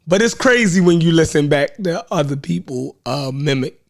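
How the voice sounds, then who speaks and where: A man with a Baltimore accent hosting a live online show, chatting in a rambling, laid-back way with lots of fillers and shout-outs to viewers. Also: on the high side, expressive, moderate pace, gravelly. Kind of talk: casual livestream chat.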